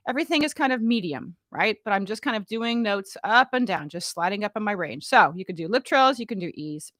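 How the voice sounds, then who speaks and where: A woman voice teacher giving a casual, playful vocal warm-up demonstration in a room at home, talking into a studio mic. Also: mid-range voice, a little fast, hardly any pauses, dry recording. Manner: chatty, playful and relaxed, often asks "right?". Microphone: studio mic, monitored on headphones.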